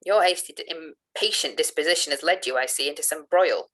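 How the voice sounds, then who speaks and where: A woman reads as an older gentleman guardian who speaks in a grave, measured way. Stern on the surface but kind at heart, in a storybook reading. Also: deep voice, low-quality recording. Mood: reproving.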